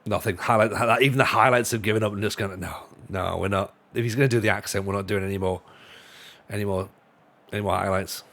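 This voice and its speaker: A man's voice: lowish voice, fairly even intonation, fast, fairly bright tone. A man chatting casually on a live stream while gaming, rambling and joking with lots of restarts. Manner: rambling, jokey, full of restarts and laughs. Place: home room.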